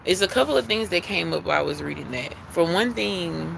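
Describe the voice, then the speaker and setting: A man's voice: high voice, animated, fairly quick, gravelly, a bit bright, slight background noise, low-quality recording. A man giving a live-streamed spiritual tarot card reading, talking in an earnest, repetitive way that leans on emphasis like a preacher.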